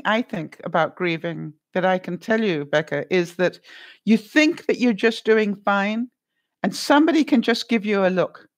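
Chatty middle-aged woman on a live stream. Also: medium pitch. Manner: chatty, repeats words, laughs often; gentle, comforting advice on grief. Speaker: vlogger answering live chat. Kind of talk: casual live-stream chat.

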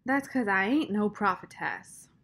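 A woman's voice: mid-range voice, animated, measured pace, a bit bright. Woman reading as a blunt, folksy older woman. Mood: stern. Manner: folksy dialect, firm and matter-of-fact.

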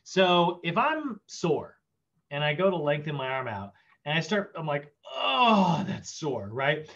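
A man giving a casual fitness class lecture, chatty and animated, acting out body parts in silly voices. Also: fairly high pitch, measured pace, muffled recording. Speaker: fitness instructor.

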